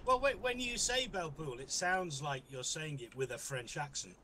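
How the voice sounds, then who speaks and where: A man's voice: a little high, big pitch swings, normal speed, sharp tone, slight background noise. A man co-commentating a naval game match in a chatty way, often ending with tag questions. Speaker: tournament co-commentator.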